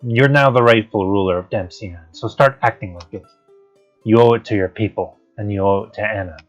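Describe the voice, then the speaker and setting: A man's voice: fairly low pitch, brisk, lightly acted. A man reading the lines of an earnest young knight from a game, plainly. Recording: dull lo-fi stream audio, faint guitar music.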